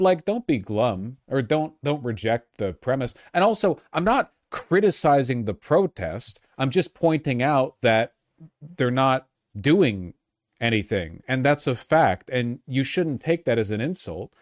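A young man talks politics on a livestream, arguing hard, restarting his sentences and jumping up in pitch when he pushes a point. His voice sits at a middling pitch. The sound is dry and close, with no room around it. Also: a little slow, no echo. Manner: argumentative, restarts a lot, animated rises in pitch. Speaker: streamer.

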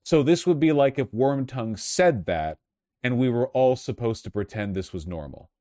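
A man's voice: medium pitch, expressive, normal speed, mellow, dry recording, clean studio sound. A man doing political commentary, reading articles aloud and reacting with sarcasm and frequent restarts. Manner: sarcastic, restless, many restarts.

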